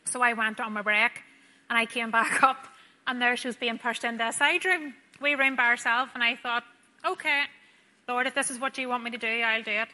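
Young woman, nurse, storytelling testimony; bright, slightly high voice, softening in tender moments. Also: fairly even intonation, brisk. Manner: earnest, storytelling, drops soft and quiet at tender moments. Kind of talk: personal testimony to a church audience.

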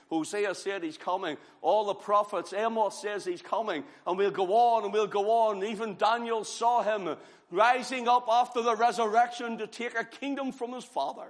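A man preaching a revival sermon, fervent and rhythmic, rising to loud cries and dropping to hushed tones. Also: sits high, fairly even intonation, normal speed. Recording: long hall reverb.

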